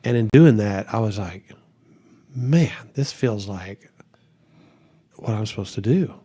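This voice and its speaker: Animated storytelling man, pastor. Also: lowish voice, takes it slowly, slightly rough. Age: middle-aged. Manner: animated storyteller, acts out quotes, laughs often. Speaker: pastor, interview guest. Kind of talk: casual storytelling interview.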